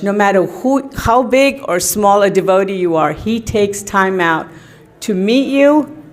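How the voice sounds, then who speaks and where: A middle-aged woman sharing personal stories in a tribute to her teacher, in a chatty, anecdotal way with many fillers. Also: medium pitch. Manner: chatty storytelling, often laughing, many fillers.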